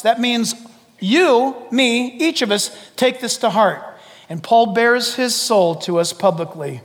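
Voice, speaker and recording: Male preacher with a really high voice, big echoey church hall, goes loud then real quiet, acts out voices. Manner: dramatic, swings from loud to hushed; acts out quoted voices and jokes with the congregation. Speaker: pastor. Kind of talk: sermon. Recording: long hall reverb.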